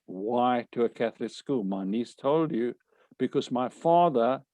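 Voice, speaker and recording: An older man, telling anecdotes from his life in a wry, animated way. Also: medium pitch, measured pace, no room sound. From South Africa. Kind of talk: storytelling talk.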